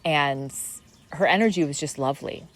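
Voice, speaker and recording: A woman's voice: low-pitched, normal speed. A middle-aged woman hosting a podcast, musing in a meandering spiritual monologue full of fillers and restarts. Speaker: podcast host.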